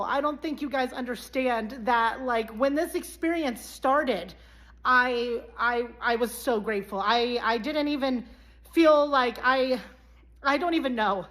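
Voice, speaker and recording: A woman's voice: high voice, a bit bright. A woman talking in an effusive, rambling way in a casual social media video. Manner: effusive, rambling, talks fast.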